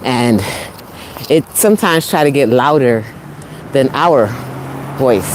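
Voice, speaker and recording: Speaking a little slowly with long pauses, this woman has a low voice against a noisy background. She's a motivational speaker and host with a New York accent, Caribbean by origin and New York-raised, live-streaming as she walks near traffic. Her talk is encouraging, upbeat, and chatty, full of laughter, rising exclamations, and calls to her viewers.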